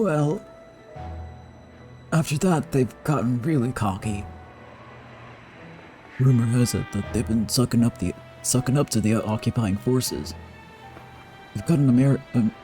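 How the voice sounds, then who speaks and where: A man's voice: medium pitch, animated, a little slow, long pauses, warm tone, soft background music, natural voice. A man voicing a nervous male henchman who stammers and hesitates, in a game playthrough.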